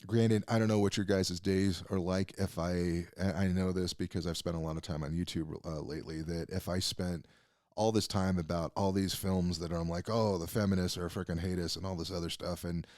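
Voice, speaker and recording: A man's voice: deep voice, steady tone, moderate pace, darkish tone, dry recording. A man hosting a podcast, giving a casual, rambling film review with lots of fillers and restarts and the odd curse, close on a mic. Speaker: podcast host. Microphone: close desk mic.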